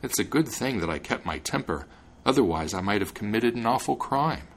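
A man's voice: on the low side, lively intonation, brisk. A man voicing a stern, anxious old father in a fairy tale. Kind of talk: storybook reading.

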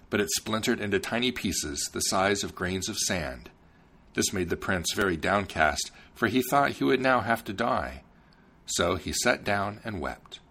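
A man narrating a fairy tale in an expressive storybook style. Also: fairly low pitch, slightly rough.

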